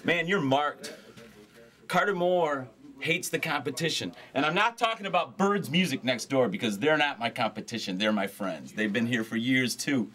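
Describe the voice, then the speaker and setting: A man pitching instruments from his music store in a brash, ranting hard-sell style, swinging between shouts and mutters. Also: lively intonation, moderate pace.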